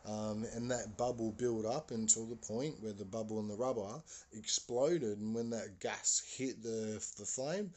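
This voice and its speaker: A man's voice: on the low side, measured pace, few pauses, darkish tone. A man hosting a podcast, telling a story in a loose, rambling way with fillers and sound words. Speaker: podcast host. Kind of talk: casual spoken storytelling.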